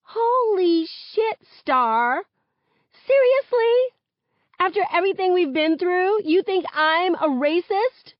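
Woman voicing brash teen girl, sharp, exasperated, high lively voice, dull dry lo-fi recording. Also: takes it slowly, dry recording, heavily acted. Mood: indignant. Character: teenage girl teammate, brash and defensive.

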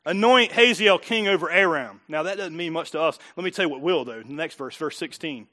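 A pastor preaches a sermon in a high, bright, ringing voice. He drops to quiet, intimate asides, then rises to loud, emphatic lines. He laughs often as he goes. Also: brisk, hardly any pauses.

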